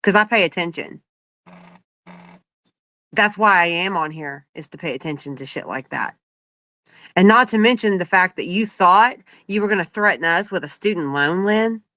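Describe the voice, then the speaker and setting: A woman's voice: lowish voice, lively intonation, normal speed, long pauses, bright, forceful tone, no room sound, rough recording. Woman in a profane, furious rant. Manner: profane, confrontational, emphatic. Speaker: livestream host. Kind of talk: angry livestream rant.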